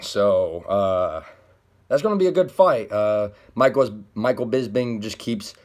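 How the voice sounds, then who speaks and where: A man's voice: fairly low pitch, lively intonation, a little slow, darkish tone. A man giving casual, rambling commentary on fight news, full of asides and loose tangents. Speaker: MMA commentary vlogger.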